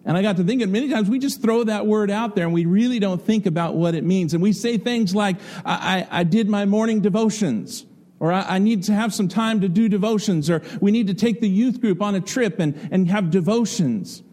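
A middle-aged pastor preaching a conversational, folksy sermon full of stories and rhetorical questions. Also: male voice, high voice, fairly quick, mellow.

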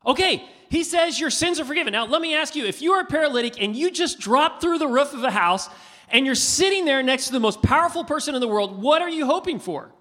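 A man preaching a sermon, asking his listeners questions in an animated, conversational way. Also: extremely high pitch, a little fast. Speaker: pastor. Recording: hall reverb.

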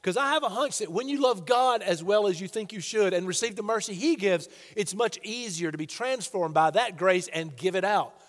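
High-voiced male preacher in a reverberant hall. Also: moderate pace, few pauses. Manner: earnest, conversational preaching with rhetorical questions. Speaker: pastor. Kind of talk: sermon.

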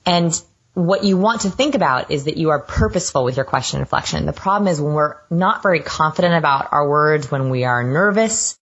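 A woman's voice: sits low, animated, a little fast, a bit bright, breathy edge, muffled recording. A woman guest on a podcast interview, explaining research with eager enthusiasm. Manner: enthusiastic, self-described science geek. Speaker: guest expert.

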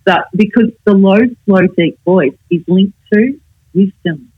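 An older woman, a communication coach, explaining her advice in a measured, instructive way in a casual interview. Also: medium pitch, husky, no echo, phone-quality sound.

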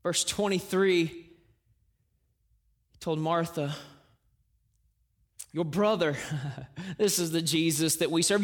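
A man's voice: high-pitched, takes it slowly, pauses often, a bit bright. A man preaching a fervent Wednesday night sermon, repeating phrases and calling out to his congregation. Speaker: pastor.

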